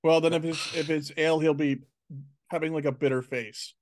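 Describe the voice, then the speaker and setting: A man's voice: on the high side, steady tone, a little fast. A man playing a tabletop game, casually describing what his character does. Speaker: player.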